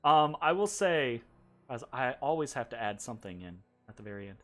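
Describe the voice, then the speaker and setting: A man's voice: mid-range voice, expressive, a little fast, a bit bright, soft background music. A man game master narrating a tabletop game in a chatty way, laughing and restarting often.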